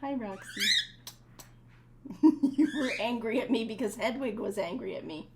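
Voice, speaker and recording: Woman, high voice, slow and unhurried, coos at pet birds in a sing-song way. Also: animated, background noise. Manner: cooing, sing-song baby talk to birds. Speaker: pet bird owner vlogger. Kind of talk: casual talk to pet birds. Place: home room with pet parrots. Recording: loud parrot squawks over voice. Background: screeching parrots.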